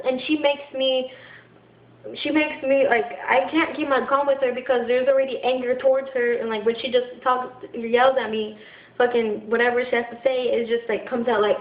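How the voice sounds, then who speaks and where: A young woman pours out her frustration, stopping and restarting as she talks. Her voice sits a little high, and the recording is muffled and lo-fi, with a roomy echo around it. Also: steady tone. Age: young adult. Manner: frustrated, halting, many restarts and fillers. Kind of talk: venting to camera. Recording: echoey room, dull lo-fi sound.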